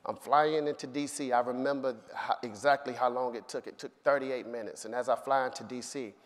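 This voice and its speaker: A man's voice: mid-range voice, a little fast. Storytelling man in a reverberant hall. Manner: animated storyteller, acts out voices. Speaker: speaker. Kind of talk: personal storytelling speech.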